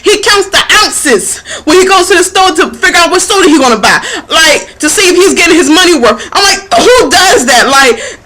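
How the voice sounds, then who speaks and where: A woman life coach giving a passionate motivational talk, excitable and laughing as she speaks. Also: very high voice, brisk, a crowd in the background, low-quality recording. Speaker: spiritual life coach and marketing mentor.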